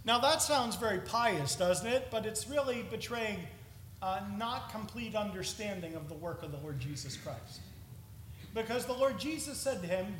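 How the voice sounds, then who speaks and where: Male preacher, high and bright, earnest expository sermon, reverberant hall. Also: expressive, normal speed, slight background noise.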